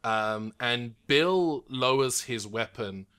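Bright-voiced game master man. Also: medium pitch, animated, takes it slowly, clear, resonant tone. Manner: enthusiastic, many fillers. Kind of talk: running a tabletop game.

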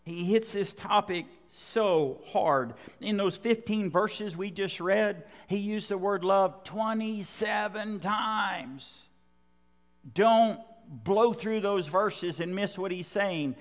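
A man's voice: high-pitched, slow, in a large hall. A man preaching a sermon, reading scripture aloud and then driving his points home with emphatic repetition. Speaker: pastor.

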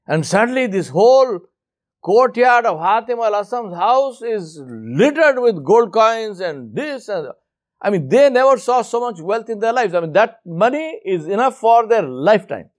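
Man preaching, high voice, animated storyteller, acts out voices. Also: normal speed. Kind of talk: storytelling sermon.

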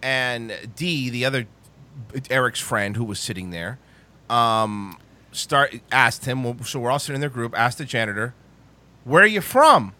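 A man hosting a podcast, telling a comedic story in a rambling, animated way and laughing at his own jokes. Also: medium pitch, moderate pace.

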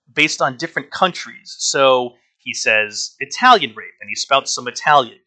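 Bright-voiced man reviewing an album. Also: mid-range voice. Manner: conversational, frank, wry asides. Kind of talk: casual spoken review.

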